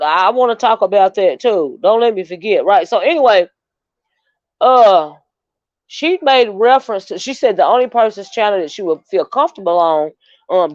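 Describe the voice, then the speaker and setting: Hosting a livestream, a woman with a medium-pitched, darkish voice tells rambling stories in casual, chatty commentary. The sound comes from a muffled lo-fi home mic, dry and dull.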